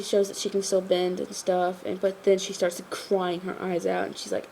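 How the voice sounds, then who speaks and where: A woman gives a casual episode review. She sounds tired, and she rambles, leaning on "like" and "you know". Her voice is warm and mellow, never sharp. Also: medium pitch, completely flat delivery, normal speed, gravelly, slight background noise.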